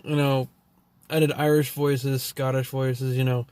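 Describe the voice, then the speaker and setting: A man from Texas, Texan accent and all, rambles through a profane storytelling monologue full of fillers and drifting thoughts. His mid-range voice is level, a little slow, darkish, clear, and resonant, with no echo.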